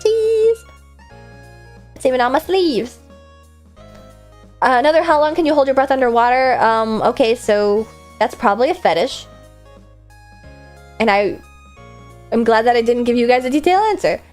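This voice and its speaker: Young woman VTuber, late-night Q&A, higher voice, tired, chatty, deadpan edge, soft music under. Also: fairly quick, pauses often. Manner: chatty, self-deprecating, drifts into deadpan. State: late-night tired, coming down from an energy drink. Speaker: VTuber streamer. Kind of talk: casual livestream Q&A, reading fan messages aloud.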